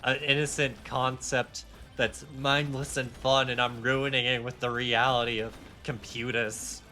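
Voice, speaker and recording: A man's voice: mid-range voice, little pitch movement, measured pace, bright, forceful tone. A young man streaming a game live, talking casually in a heated, rambling rant with swearing and self-mocking asides. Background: faint game music.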